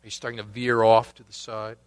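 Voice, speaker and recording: A man preaching a sermon, asking the congregation questions and dropping to a hushed voice at times. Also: fairly low pitch, level tone, brisk, clear, resonant tone. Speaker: pastor.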